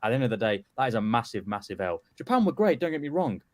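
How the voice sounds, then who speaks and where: Male pundit, fast and cheeky, dry studio sound. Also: fairly low pitch, animated, dry recording. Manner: brash, jokey, teasing banter. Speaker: football pundit. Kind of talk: casual chat.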